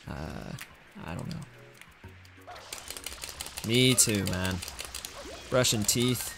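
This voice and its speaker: A man's voice: on the low side, sing-song, very slow, vocal fry, over music. A young man speedrunning a game on a live stream, chatting casually and making self-deprecating jokes to his viewers.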